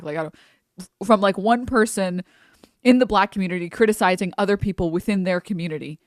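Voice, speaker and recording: A woman's voice: medium pitch, fairly quick, no echo, clean studio sound. A woman streamer chatting casually as she reacts to a video, rambling with many fillers and nervous laughs.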